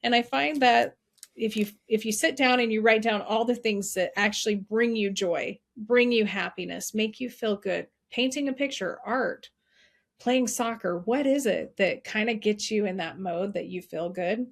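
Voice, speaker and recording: A woman's voice: mid-range voice, normal speed, creaky. A middle-aged woman speaking as a guest, earnestly telling personal stories and repeating encouraging advice. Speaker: guest, suicide prevention advocate. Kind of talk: heartfelt conversational storytelling.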